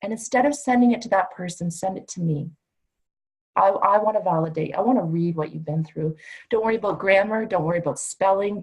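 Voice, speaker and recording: A middle-aged woman trains future coaches, talking to her class in a conversational, emphatic way. She sits at an ordinary middle pitch and now and then slips into the voices of her clients to make a point. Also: low-quality recording. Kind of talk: teaching a certification class.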